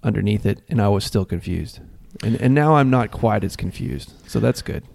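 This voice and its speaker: A man's voice: on the low side, normal speed, creaky, a little mellow. A man co-hosting a casual podcast chat, easygoing and stumbling over his words at times. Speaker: podcast co-host.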